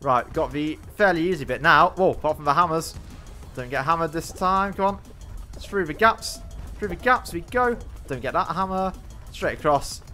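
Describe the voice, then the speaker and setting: Excitable man commenting on gameplay. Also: fairly high pitch, moderate pace, soft background music. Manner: excitable, self-mocking running commentary. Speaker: gaming YouTuber.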